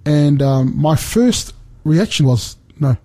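A middle-aged man giving an earnest faith talk over a call, speaking haltingly with many restarts. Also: medium pitch, mellow, breathy edge. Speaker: guest speaker.

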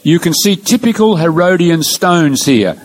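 A man with a fairly high voice delivers a Bible lecture, moving through numbered points as he points out pictures on his slides. He speaks in a measured, earnest way and leans on key words for emphasis. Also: expressive, low-quality recording. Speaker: Bible teacher.

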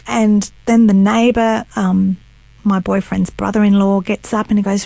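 A middle-aged woman sharing her faith testimony as a guest. She tells it earnestly, with a gravelly edge to her voice, recorded close and dry. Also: mid-range voice, level tone, a little slow, darkish tone, no room sound, low-quality recording. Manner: earnest storytelling, acts out quotes. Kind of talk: personal testimony.

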